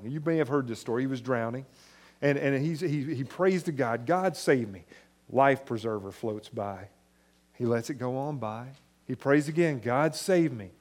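A male pastor preaching a sermon in a conversational way, rising to emphatic points and dropping soft and low.

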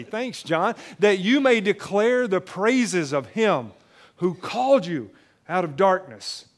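A male pastor giving an emphatic, conversational sermon in a church, often repeating phrases for weight. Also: fairly high pitch. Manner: emphatic, conversational preaching with repetitions.

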